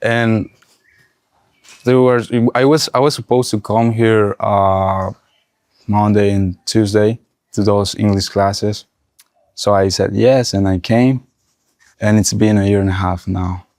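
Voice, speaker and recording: A young man from Nicaragua speaking English with a Nicaraguan Spanish accent, a native Spanish speaker telling his story in a casual interview with halting restarts. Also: fairly low pitch, steady tone, darkish tone, no echo, clean studio sound. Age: young adult. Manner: halting, restarts often while recalling.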